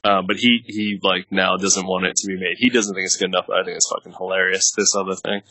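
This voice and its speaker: A man's voice: low-pitched, little pitch movement, quick pace, bright, forceful tone, dry recording, poor audio. A man in his thirties telling casual stories as a podcast guest, rambling with many fillers and frequent laughs. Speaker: podcast guest, actor and producer. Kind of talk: casual storytelling chat.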